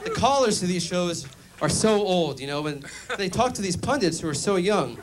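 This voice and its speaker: A man performing a stand-up comedy routine on a club stage, delivering deadpan jokes and playing mock call-in phone bits. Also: high-pitched, normal speed, noisy background.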